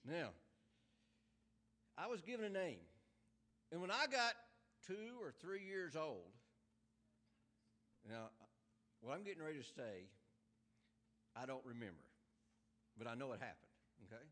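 A man in his sixties preaching a sermon in a church, moving from easy conversational talk into fervent emphasis and reading scripture slowly and deliberately. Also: fairly high pitch, lively intonation, bright, forceful tone. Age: 60s.

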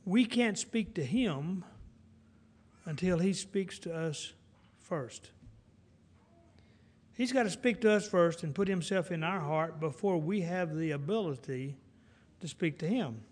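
A man's voice: sits high, lively intonation, a little slow, pauses often. A man preaching a sermon in a folksy, conversational way, acting out the dialogue of the people in the scripture.

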